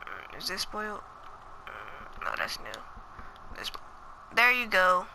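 A woman's voice: on the low side, wildly swooping pitch, slow, creaky, background noise. A woman giving casual, slangy gameplay commentary, chatting to viewers and muttering asides to herself as she plays. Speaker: gaming channel host.

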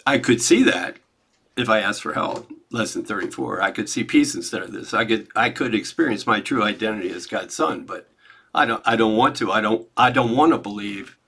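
Bright-voiced man, reflective and stammering. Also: fairly low pitch, expressive, fairly quick, slightly rough. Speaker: study group member. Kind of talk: casual spiritual discussion.

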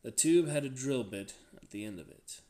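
A man reading a novel aloud, dramatic and expressive, shifting his delivery with the action. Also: mid-range voice, moderate pace. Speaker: reader.

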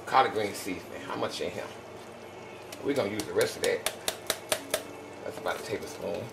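A man's voice: fairly low pitch, fairly quick, creaky. A tired man hosting a casual cooking demonstration in his home kitchen, chatting folksily to viewers as y'all. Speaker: home cook and channel host. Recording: echoey kitchen from a distance, noisy background.

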